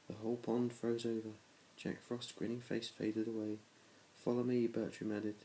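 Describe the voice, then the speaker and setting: A man's voice: lowish voice, completely flat delivery, moderate pace, mellow, a little hiss or hum, rough recording. A man reading a children's storybook aloud to his children, in a plain reading voice with small restarts. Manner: plain reading with small restarts, little change between characters.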